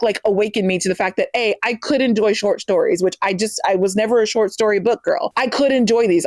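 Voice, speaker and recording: A woman's voice: on the high side, darkish tone, dry recording. A young woman chatting casually to camera about books, gushing and full of fillers. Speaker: book vlogger.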